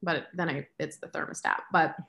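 A woman's voice: low-pitched, steady tone, normal speed, gravelly, fairly bright tone. A woman in her late thirties, a yoga teacher and single mother, chatting casually and telling candid stories, acting out her own thoughts. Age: 30s. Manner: candid, storytelling, acts out her own inner voice. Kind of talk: casual conversation.

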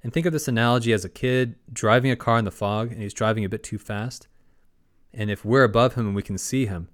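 A man hosting a spiritual podcast, talking in a calm, gently instructive way. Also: on the low side. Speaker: podcast host.

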